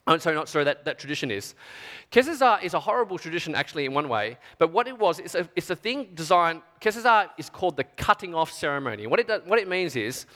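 Male preacher, high bright voice, emotional storytelling, long hall reverb. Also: big pitch swings, fast talker. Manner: emotional storytelling, dramatic swings from hushed to shouting. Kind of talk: sermon.

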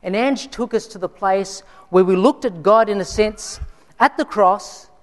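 A man's voice: high voice, a little slow. Man preaching in a reverberant hall. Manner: conversational storytelling, frequent restarts. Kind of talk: sermon with personal story. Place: church.

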